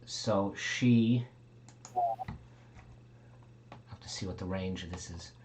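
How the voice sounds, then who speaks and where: A man's voice: sits low, slow pace, background noise. A man narrating a tabletop game as game master, rambling, swearing casually and laughing often.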